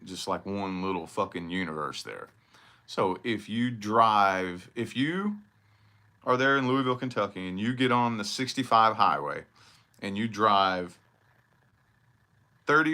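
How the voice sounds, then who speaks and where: A man from southern Indiana talks through a casual vlog monologue with a slight country twang. His low voice rises and falls with lively swings, and he swears freely and rambles. The tone is bright and forceful. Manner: animated, profane, rambling. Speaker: vlogger.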